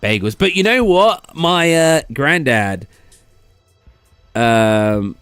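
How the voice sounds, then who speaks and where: A man's voice: fairly high pitch, sing-song, extremely slow, a bit bright, clean tone, no echo, soft background music. A young British man chatting casually with viewers on a late-night stream, rambling with lots of fillers and restarts and reading chat aloud.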